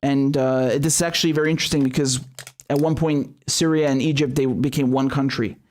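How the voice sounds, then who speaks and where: A man's voice: mid-range voice, fairly even intonation, a little fast, darkish tone. A man hosting a live stream, commenting bluntly with heavy swearing and many restarts, then reading viewer chats. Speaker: show host.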